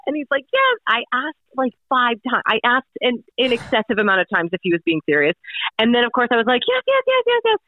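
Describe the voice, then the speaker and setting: A woman's voice: on the high side, quick pace, dry recording. A woman telling a personal story in a casual, rambling way with many fillers, heard over a phone line. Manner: rambling, lots of fillers and restarts. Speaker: radio host, guest. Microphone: phone call. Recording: tinny phone line, dry.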